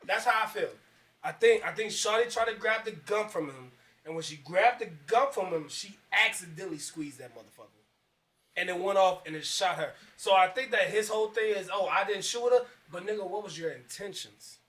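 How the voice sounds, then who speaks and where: A man's voice: high-pitched, brisk, a bit bright, roomy sound, distant mic. A man co-hosting a casual podcast, talking in slangy, profane street speech. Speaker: podcast co-host. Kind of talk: casual group podcast chat.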